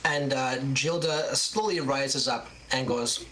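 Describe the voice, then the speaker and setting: A game master describing a shop in detail for the players, mid-pitched and steady. The narration wanders and restarts now and then. Faint background noise hums behind the voice. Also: slow pace.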